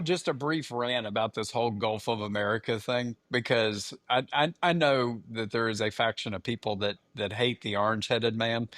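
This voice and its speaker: A man's voice: on the low side, dry recording, studio quality. A man in his fifties, a podcast co-host, telling a family story in casual chat and acting out the quoted lines. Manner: animated storyteller, acts out quotes.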